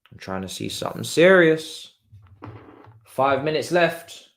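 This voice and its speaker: A young man doing live football watchalong commentary, chatty and slangy, shouting at the players. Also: on the high side, sing-song, measured pace, gravelly. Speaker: watchalong streamer.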